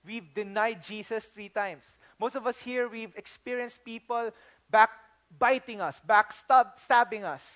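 High-voiced Filipino pastor, animated sermon. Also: male voice, a little slow. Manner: animated storytelling, acting out quotes; mixes English with Tagalog phrases.

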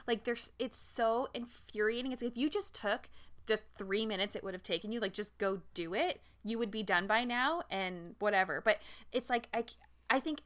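A woman in her thirties, a podcast co-host chatting casually about parenting, animated, laughing often and swearing casually. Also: a little high. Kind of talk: casual chat.

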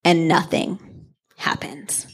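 A woman co-hosting a podcast live on stage, retelling a true ghost story with lively asides and quick character voices. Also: sits low, husky. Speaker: podcast co-host. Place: on stage before a live audience.

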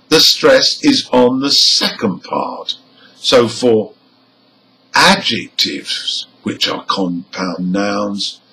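Slow, bright-voiced male pronunciation teacher. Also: mid-range voice, vocal fry, low-quality recording. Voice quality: careful, over-enunciated delivery of example words. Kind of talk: slow, deliberate lesson explanation.

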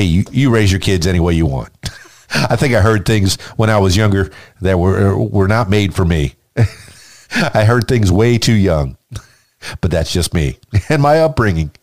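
A man's voice: fairly low pitch, a little mellow. A man hosting a podcast, talking casually and upbeat, hyping up his guest. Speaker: podcast host. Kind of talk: casual chat.

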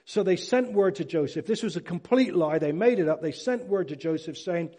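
Preacher with a high, mellow voice. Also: male voice, moderate pace, hardly any pauses. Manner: animated, acts out Bible characters; asks the congregation questions. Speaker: pastor. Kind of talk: sermon.

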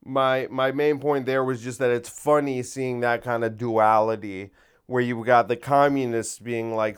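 A man's voice: mid-range voice, level tone, a little slow, smooth. A man talking in a casual solo monologue, rambling and wry, often interrupting himself.

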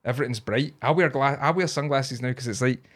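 A man's voice: medium pitch, brisk. Sweary rambling Scottish man. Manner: sweary, rambling, laughs often. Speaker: podcast co-host. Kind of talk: casual podcast chat.

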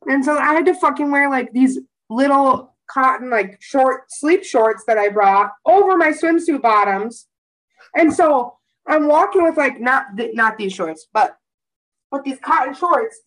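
Young woman podcast co-host, fairly high voice, loose, animated, profane storyteller. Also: a little slow, low-quality recording. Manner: rambling, animated storytelling with frequent swearing and laughter. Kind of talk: casual chat.

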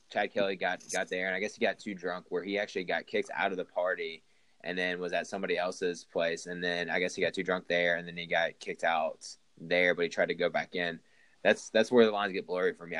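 A man's voice: deep voice, a bit bright, no echo, low-quality recording. A young man hosting a casual sports talk show, who rambles and restarts his sentences as he talks. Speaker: podcast host.

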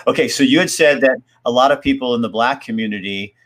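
A man's voice: medium pitch, fast, fairly bright tone. A man hosting a casual discussion, asking questions in a hesitant, careful way. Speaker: host.

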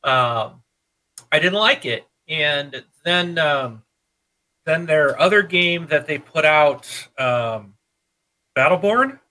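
Chatty bright-voiced man rambling. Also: a little high, slow pace, rough recording. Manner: rambling, animated, laughs often. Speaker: podcast co-host. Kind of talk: casual gaming chat.

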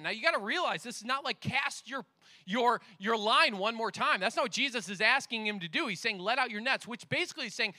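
A middle-aged man preaching a sermon outdoors downtown, acting out conversations in an animated storytelling manner. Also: extremely high pitch, a little fast, dry recording, clean studio sound. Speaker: pastor. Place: outdoors downtown with passing motorcycles.

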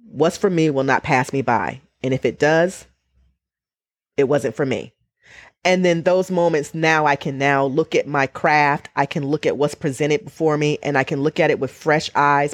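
Low-pitched and recorded dry and close, a middle-aged woman offers personal reflections during a podcast conversation. She sounds earnest, emotional and near tears, and she repeats phrases to emphasize them.

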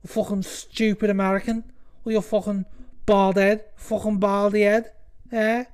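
A man's voice: little pitch movement, moderate pace, clean tone, close to an everyday voice. A man putting on the voice of a brash English fighter with an English accent, swearing and mocking a rival. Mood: taunting. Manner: mocking, swearing, high put-on voice.

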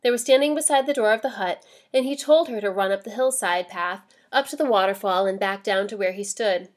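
A woman reading a novel aloud in a measured storytelling manner. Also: medium pitch. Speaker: story reader.

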